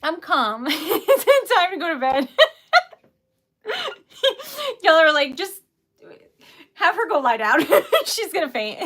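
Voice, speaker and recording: A woman's voice: extremely high pitch, sing-song, slow, long pauses, a bit bright. A woman streaming live and chatting casually, flustered and giggly, laughing through tears and often trailing off mid-sentence.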